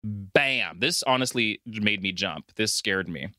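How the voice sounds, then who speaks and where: A man co-hosting a podcast, retelling a film with lively profanity, frequent laughter and acted-out quotes. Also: on the low side, takes it slowly, no echo, studio quality. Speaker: podcast co-host. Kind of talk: casual movie recap chat.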